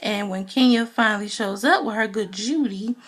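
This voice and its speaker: A woman's voice: mid-range voice, normal speed. A woman giving a casual, gossipy recap of a reality TV episode, talking loosely with lots of "you know" fillers. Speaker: TV show reviewer.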